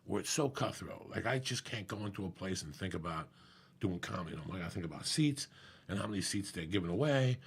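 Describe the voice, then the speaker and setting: A man with a rough, gravelly voice that sits fairly low and sounds raspy through and through. He tells stories like a comedian in casual conversation, swearing freely and playing out every quoted line. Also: fast talker. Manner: profane, animated storyteller acting out quotes. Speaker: comedian guest. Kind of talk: casual storytelling chat.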